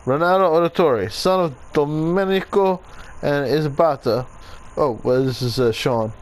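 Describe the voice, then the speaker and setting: A man playing a video game, reading its entries aloud and adding dry jokes and quick self-corrections. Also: fairly high pitch, rough recording. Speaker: gameplay video host. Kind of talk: reading game text aloud with jokey asides.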